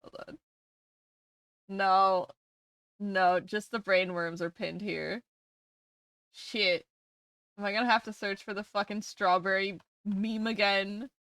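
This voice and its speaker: A woman's voice: mid-range voice, flat delivery, slow, pauses often, fairly bright tone, clean tone, no echo, clean studio sound. A young woman streamer chatting casually with her live audience, giggling often and swearing freely.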